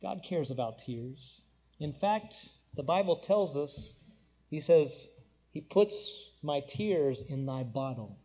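A young man preaching a sermon as a pastor, rising to emphatic declarations and dropping to hushed, tender passages. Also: medium pitch, husky. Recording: dull lo-fi recording.

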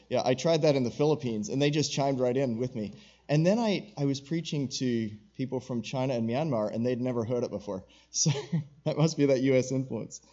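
Middle-aged guy preaching a sermon, mellow voice, earnest, slows way down on key words, kinda dull recording. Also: mid-range voice. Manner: earnest, slows down to stress key phrases, asks the audience questions. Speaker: pastor.

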